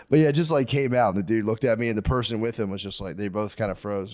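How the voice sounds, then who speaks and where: A man's voice: fairly low pitch, a little fast, darkish tone, dry recording, clean studio sound. A man co-hosting a podcast in casual chat, telling stories with lots of laughter and acting out the people in them. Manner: laughing storyteller, acts out people in his stories. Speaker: podcast co-host.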